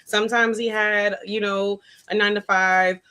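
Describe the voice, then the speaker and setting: A woman's voice: mid-range voice, flat delivery, normal speed, pushed and bright, clean tone. A woman co-hosting a podcast, speaking frankly and with profanity, often laughing through her stories in casual chat. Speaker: podcast co-host.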